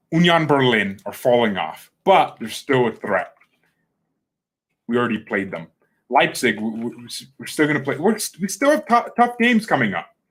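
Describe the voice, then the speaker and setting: A man's voice: medium pitch, a bit bright. A man hosting a football fan channel, ranting casually and bluntly, trash-talking players and rivals and repeating words when he gets heated. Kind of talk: casual opinion rant to camera.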